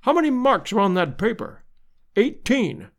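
A man reading as a brisk, hearty adventurer lord. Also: sits high, sing-song, pitched above the performer's own voice. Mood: eager.

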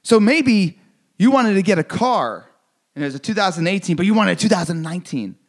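A man's voice: sits high, animated, fairly quick. A man giving an intense motivational speech, repeating phrases and swearing for emphasis. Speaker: motivational speaker.

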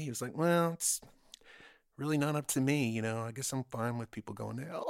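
A man's voice: medium pitch, normal speed, gravelly, no room sound. A man telling stories in casual chat, swearing a lot and acting out what people said to him. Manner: animated, acts out quotes, swears, says dude. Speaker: podcast guest.

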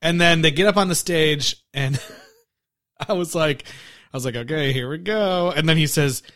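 A man's voice: a little high, moderate pace, a bit bright. A man co-hosting a casual podcast, laughing often and acting out movie scenes with silly voices. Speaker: podcast co-host. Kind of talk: casual movie review chat.

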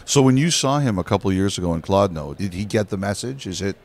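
A man's voice: on the low side, lively intonation, fast, darkish tone. A man hosting a casual interview, asking brief questions and adding short replies. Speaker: podcast host.

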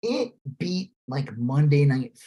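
A man in loose podcast banter whose pitch swings widely as he talks. He swears freely and slips into quick acted-out voices to make his point. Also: lo-fi sound. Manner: animated, swearing, acts out voices in quotes. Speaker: podcast co-host. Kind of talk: casual chat.

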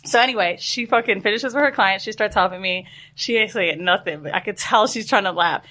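A woman's voice: medium pitch, a little fast. A woman co-hosting a podcast, telling a story in a casual chat full of swearing and laughter. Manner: animated, profane, laughs while telling. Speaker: podcast co-host.

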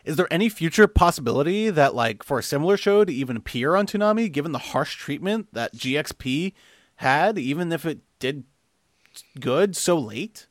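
A man putting on a squeaky, girlish voice for a young male fan, rambling and indignant. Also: expressive, moderate pace, no room sound, studio quality, close to an everyday voice. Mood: whiny indignant.

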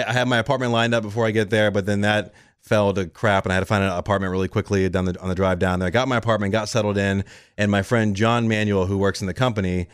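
A man's voice: deep voice, clean tone, dry recording, clean studio sound. A man in his thirties, a radio show regular, telling his career story in a casual interview and acting out the people he quotes. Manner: animated, quotes people in lively voices. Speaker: radio show cast member. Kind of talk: conversational storytelling.

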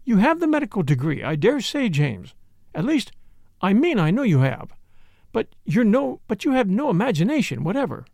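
A man's voice: sits high, very animated, normal speed, creaky, a little mellow, no echo, studio quality, heavily acted. A man voicing a nosy, knowing middle-aged spinster who talks insistently and mysteriously.

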